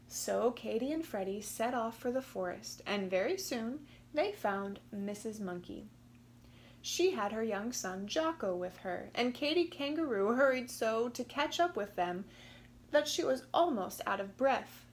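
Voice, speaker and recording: A woman reading a children's storybook aloud in an expressive, gently emphatic way. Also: fairly high pitch, unhurried, a little hiss or hum. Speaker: storybook reader.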